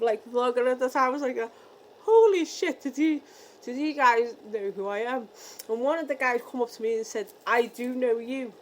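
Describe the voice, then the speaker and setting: A woman's voice: on the high side, low-quality recording. Chatty British woman vlogger. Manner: animated, re-enacting dialogue. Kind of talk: casual storytelling.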